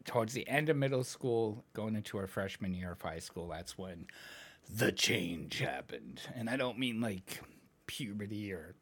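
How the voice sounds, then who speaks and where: A man in his forties co-hosting a casual podcast, talking in a slow, dry, wry way. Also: lowish voice, lively intonation, a bit bright, slightly rough.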